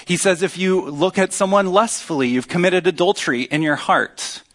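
A man preaching a sermon as pastor, earnest and teaching, with emphatic pauses. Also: high-pitched, fairly bright tone.

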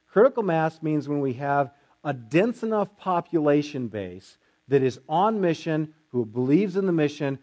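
A man's voice: a little high, darkish tone. A pastor delivering a sermon to his church, asking rhetorical questions and voicing his listeners' objections.

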